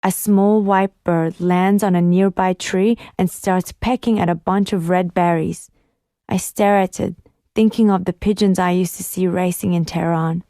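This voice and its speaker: Casting: calm woman narrator for a first-person audiobook, warm tone, dry close mic. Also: on the low side, no room sound.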